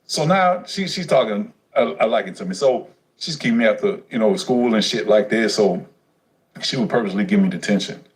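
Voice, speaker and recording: A man telling his life story on a casual livestream, profane and streetwise, animated as he goes. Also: fairly low pitch, fairly quick, low-quality recording.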